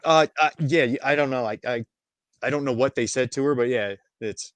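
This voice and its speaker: A man's voice: medium pitch, fairly quick, a bit bright, dry recording. A man co-hosting a podcast, rambling and swearing in casual chat. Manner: rambling, profane. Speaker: podcast co-host.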